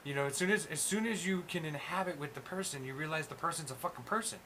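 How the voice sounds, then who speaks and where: Swearing guy going off in a rant, bright tone, little hiss behind. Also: a little high, fast. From USA. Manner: profane, ranting, animated. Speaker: host. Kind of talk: casual chat.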